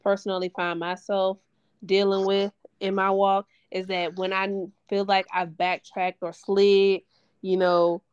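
Woman, faith-talk co-host, candid and confiding, mid pitch, dry. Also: little pitch movement, clear, resonant tone, no room sound, highs cut off. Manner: candid and confiding, quick laughs. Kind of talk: casual faith chat.

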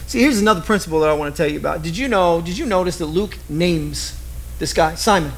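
A man preaching a sermon with lively storytelling, acting out the people he quotes. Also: fairly high pitch, fast talker, a little hiss or hum. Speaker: pastor.

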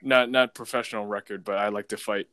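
A man's voice: fairly low pitch, fairly even intonation, fairly quick, a bit bright, no room sound, clean studio sound, close to an everyday voice. A man voicing a burly male driver who loves street fighting, with a Russian accent and blunt, clipped broken phrases. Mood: boastful.

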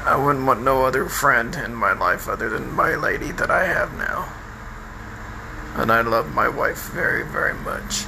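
An older man talking in a rambling, halting personal monologue, with many restarts and fillers. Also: mid-range voice, vocal fry, background noise. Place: outdoors by a house, lawnmower nearby.

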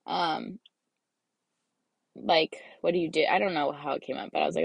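A woman's voice: lowish voice, fast talker, vocal fry, no room sound. A young woman in her twenties, a student, telling a rambling, filler-heavy story in a casual vlog, a bit congested. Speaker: student vlogger.

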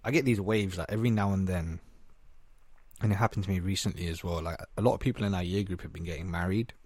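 A man talks in a very deep voice on a casual podcast. He is reflective and works through his thoughts step by step, and the recording is dry. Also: quick pace, a little mellow, no echo. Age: 20s. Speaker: podcast co-host. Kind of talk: casual chat.

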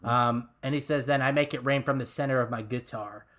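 A man's voice: mid-range voice, steady tone, brisk, fairly bright tone. A man co-hosting a podcast, chatting casually about song lyrics with lots of laughter, ums and restarts. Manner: enthusiastic, laughs often, many ums and restarts. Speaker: podcast co-host.

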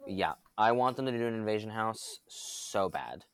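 A man's voice: on the low side, expressive, normal speed, smooth, no echo. A man co-hosting a casual podcast chat, enthusiastic and long-winded, full of fillers and restarts. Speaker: podcast co-host.

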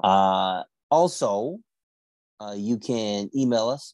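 A man's voice: on the low side, unhurried, a little mellow, no room sound. A man co-hosting a sports podcast, steadily leading the picks and wrapping up the show in a casual chat. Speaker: podcast co-host.

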